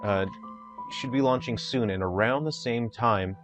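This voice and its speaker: A man who develops indie games, giving an earnest, unhurried, plain-spoken video update. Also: mid-range voice, over music.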